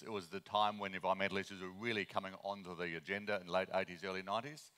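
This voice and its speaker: An Australian man in his fifties giving a conference talk, speaking fast and earnestly with frequent ums and restarts. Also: lowish voice, a bit bright, in a large hall. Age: 50s.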